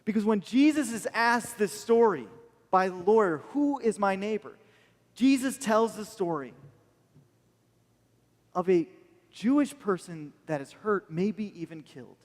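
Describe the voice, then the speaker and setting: A man's voice: high voice, animated, a little slow, pauses often, big-room sound. A man preaching a sermon as pastor, telling a personal story in an earnest, emotional way with an American accent. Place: church hall.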